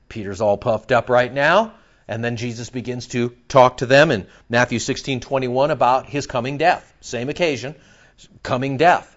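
A man preaching an expository sermon in a conversational, animated way, joking with the congregation. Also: medium pitch, dull audio. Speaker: pastor.

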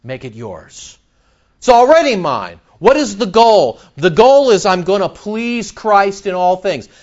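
High, lively preaching man. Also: a little slow, highs cut off. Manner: animated, with sudden loud outbursts and mock dialogue. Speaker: pastor. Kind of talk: sermon. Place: church.

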